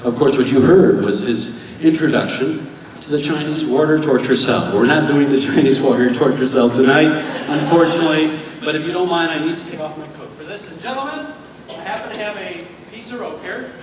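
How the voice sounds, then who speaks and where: Brisk and on the high side, this man's voice comes through with the highs cut off. He's a stage magician bantering and joking with volunteers for a live crowd, recorded from a distance in an echoey theater with audience sounds.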